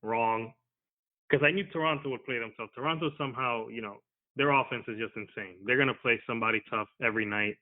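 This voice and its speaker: A man's voice: medium pitch, fast talker. Laid back guy talking baseball on a podcast, sounds like he's on a phone line. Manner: easygoing, conversational. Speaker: guest sports commentator. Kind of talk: casual podcast chat.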